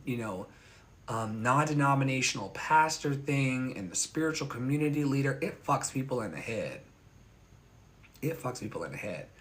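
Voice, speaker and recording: A man hosting a casual livestream as an online pastor, candid and animated, swearing freely and laughing often. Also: mid-range voice. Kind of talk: casual livestream chat with viewers.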